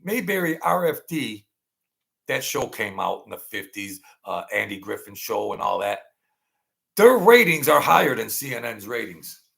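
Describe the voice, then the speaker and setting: A middle-aged man with a gravelly voice, ranting angrily and profanely in a rambling political monologue. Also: medium pitch, big pitch swings, moderate pace. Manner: angry, profane, rambling rant with sudden loud outbursts. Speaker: political commentary vlogger.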